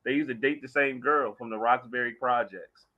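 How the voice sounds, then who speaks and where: A man's voice: mid-range voice, normal speed, narrow, tinny audio. A man in casual sports talk, making bold picks and telling stories with a laugh. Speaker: podcast co-host.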